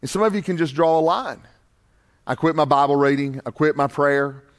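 A man's voice: on the high side, moderate pace. A man preaching a sermon, building his points through repeated refrains. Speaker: pastor.

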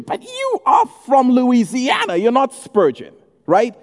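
A man preaching a sermon in a church hall, telling stories with humor and doing quick impressions. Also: very high voice. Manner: humorous, animated storytelling with impressions. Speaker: pastor. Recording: echoey hall.

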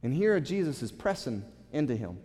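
A man's voice: medium pitch, sing-song, moderate pace, dark tone, slightly rough. Pastor guy preaching in a big echoey church hall, earnest, keeps repeating words as he builds. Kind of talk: sermon. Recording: long hall reverb.

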